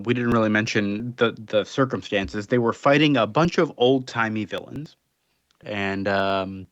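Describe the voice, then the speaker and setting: A man's voice: lowish voice, a bit bright, no echo, dull audio. A man co-hosting a casual comics podcast, recapping the plot loosely with lots of fillers. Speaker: podcast co-host.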